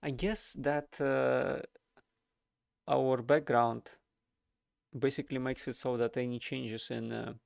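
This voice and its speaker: Gravelly man playing a game on stream. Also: mid-range voice, slow pace, no echo, studio quality. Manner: relaxed, chuckling, thinks aloud. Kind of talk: casual gameplay commentary reading dialogue aloud.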